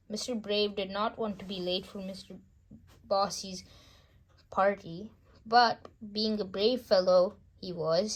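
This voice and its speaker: A woman reading a children's bedtime story aloud, gentle and unhurried, with small slips. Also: medium pitch.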